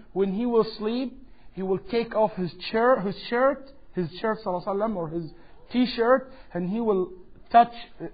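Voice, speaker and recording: Lecturer, male, high voice, animated storyteller; dull lo-fi tape. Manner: animated, acts out quoted dialogue. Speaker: Islamic lecturer. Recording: dull lo-fi 2007 lecture recording.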